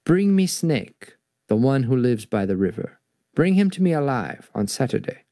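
A man's voice: medium pitch, moderate pace, dry recording, studio quality. A man voicing a big, proud male tiger who plans a trick, reading aloud from a storybook. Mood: scheming. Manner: read-aloud storybook voice, lively.

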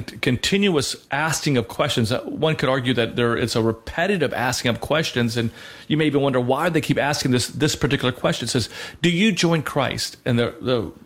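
A man, a father, co-hosting a Christian show, talking earnestly in a conversational way with frequent fillers and restarts. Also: medium pitch. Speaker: co-host of a Christian radio show. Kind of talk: conversational faith talk.

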